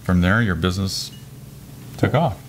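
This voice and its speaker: A man's voice: sits low, normal speed, a little hiss or hum. A man co-hosting a podcast, chatting casually and prompting his co-host with questions. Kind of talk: casual chat.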